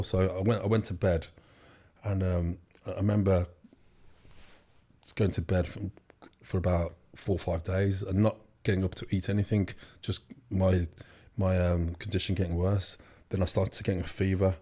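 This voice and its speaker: This young adult interview guest has a low, warm voice with a level tone and a normal speaking speed. He rambles through his story casually, full of fillers and false starts.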